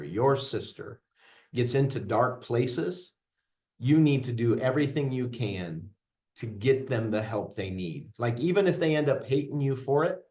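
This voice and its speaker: A man's voice: medium pitch, darkish tone. A middle-aged man, a veteran, giving an interactive workshop talk to an audience, earnest and mixing in jokey stories. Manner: earnest, joking storyteller addressing audience. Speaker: veteran trainer.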